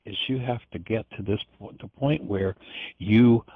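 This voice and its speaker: A man's voice: on the low side, unhurried, breathy edge, no echo. An older man hosting a radio show, giving a reflective spiritual talk and telling stories with frequent restarts. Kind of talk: spiritual teaching monologue. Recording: dry, dull lo-fi radio sound.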